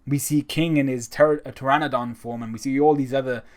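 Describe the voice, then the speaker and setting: A man's voice: mid-range voice, fairly even intonation, fairly quick. A man giving a casual, enthusiastic spoken review of a comic chapter, talking conversationally. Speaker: manga reviewer.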